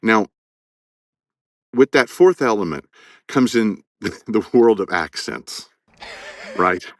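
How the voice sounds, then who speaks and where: A man with a very low voice speaks as a guest in an interview about his work narrating audiobooks. He is thoughtful and often restarts with repeated words as he builds toward a point. The sound is close and dry, with almost no room echo. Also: expressive, takes it slowly. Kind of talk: conversational interview.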